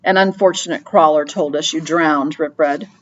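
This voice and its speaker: Scornful low rat king, voiced by a woman. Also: steady tone, moderate pace, dull audio.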